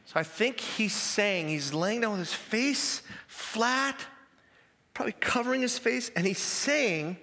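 An animated male pastor preaches in a high voice, leaning on emphatic repetition of his key phrases. His tone is bright and forceful, and the sermon rings out in a large, reverberant hall. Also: unhurried.

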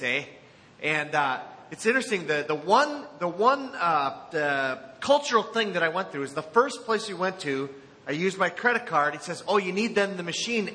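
Bright-voiced joking pastor in a hall. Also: male voice, on the high side, slight background noise. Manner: joking, chatty, laughs often. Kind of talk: sermon. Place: church sanctuary.

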